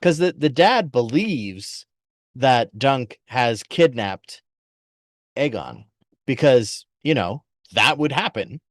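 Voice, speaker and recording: A man's voice: medium pitch, very animated, slow, no echo, studio quality. A man co-hosting a podcast, chatting enthusiastically about a TV series. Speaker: podcast co-host. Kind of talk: casual chat recapping a TV series.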